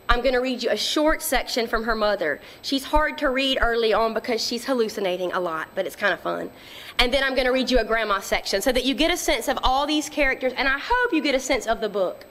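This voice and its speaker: A woman's voice: fairly high pitch, a bit bright. A woman author who talks plainly about her novel and reads passages from it aloud. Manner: conversational, explains plainly before reading.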